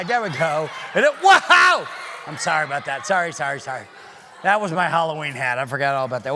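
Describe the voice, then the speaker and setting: A man doing comic magic-show patter for children, playful and teasing, calling loudly out to a live audience. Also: high-pitched, noisy background. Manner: playful, teasing, loud, calls out to the crowd. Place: synagogue sanctuary in front of a live audience.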